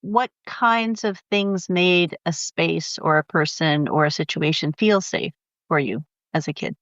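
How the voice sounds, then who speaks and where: A woman's voice: low voice, unhurried, fairly bright tone, dry recording, dull audio. A woman hosting a podcast, reading a scripted intro and then asking curious, earnest questions. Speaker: podcast host. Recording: intro voice over music.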